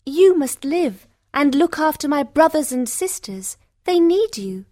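A woman voicing a brave, kind young woman in a storybook reading, earnest and gentle. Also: sits high, very animated, measured pace, voice pushed up. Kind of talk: storybook character voice.

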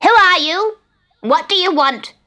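A stingy, snappish old woman in a storybook reading, put on by a woman. Her voice sits high and sharp, leaping about in pitch. She speaks slowly and suspiciously. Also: very animated.

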